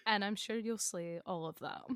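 A woman's voice: mid-range voice, moderate pace, a bit bright, smooth, dry recording. A young woman co-hosts a podcast in a loose, teasing chat and giggles often. Her voice sits in an ordinary middle register. The sound is close and dry. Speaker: podcast co-host. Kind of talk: casual chat.

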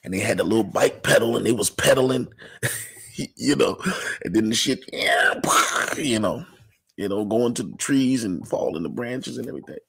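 A man's voice: fairly low pitch, animated, fairly quick, gravelly, slightly rough, dry recording. A man talking loosely on a livestream about faith and success, full of "you know"s and dropping into whispers. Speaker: livestream speaker. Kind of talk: casual inspirational talk.

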